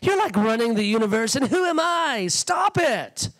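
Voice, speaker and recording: A male guest preacher with a strikingly high voice delivers a fervent, conversational sermon. His pitch swings widely as he acts out quoted thoughts. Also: sing-song, moderate pace, fairly bright tone, low-quality recording. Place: church sanctuary.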